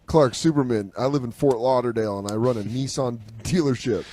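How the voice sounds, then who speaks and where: Male podcast host, crude comedy banter, riffing, average pitch. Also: a little fast, warm tone, a little hiss or hum. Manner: riffing, slips into mock voices.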